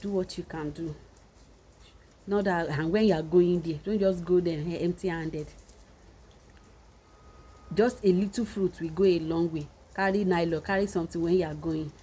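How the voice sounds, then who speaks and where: A woman's voice: lowish voice, steady tone, moderate pace, long pauses, dark tone, slightly rough, low-quality recording. A woman with a Nigerian Yoruba accent, giving earnest, repetitive marriage advice in a casual monologue.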